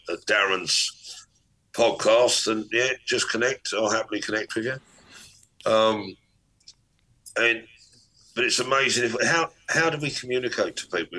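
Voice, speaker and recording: A man's voice: fairly low pitch, poor audio. A middle-aged man, a business coach talking at length in a podcast interview and acting out tones of voice as he explains. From Ireland. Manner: animated, explanatory, long-winded, acts out tones of voice. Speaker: guest, business performance coach.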